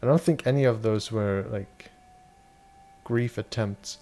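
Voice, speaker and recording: A man's voice: medium pitch, a little slow, darkish tone. A young German man chatting loosely with his viewers while playing a game, swearing casually and answering chat questions. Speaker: streamer. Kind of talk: casual live-stream chat.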